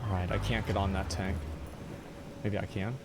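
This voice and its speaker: A man streaming a video game live, frustrated and profane, arguing with his chat and bursting into shouts between muttered lines. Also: deep voice, flat delivery, moderate pace, creaky, heavy background noise. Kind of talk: live gameplay commentary, talking to chat.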